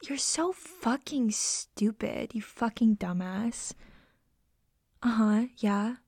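A woman's voice: on the high side, animated, darkish tone, husky, full character voice. A woman playing a scornful, domineering young woman in a whispered role-play, harsh and mocking. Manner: harsh, mocking, profane, slow taunting.

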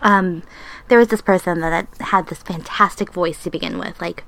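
A woman's voice: lowish voice, moderate pace, fairly bright tone. A woman hosting a casual chat interview, giggly and gushing, swearing casually. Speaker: podcast host.

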